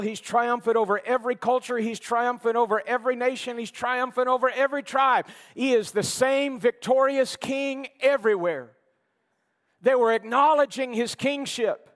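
A man preaching a fervent sermon as pastor in a church, swinging between loud calls and hushed, quiet lines. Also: sits high, long reverb tail. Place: church sanctuary.

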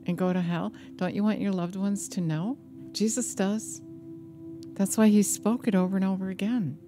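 A woman minister giving an earnest personal testimony sermon, slow and deliberate, with a warning tone. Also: mid-range voice, mellow. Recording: music playing behind the voice.

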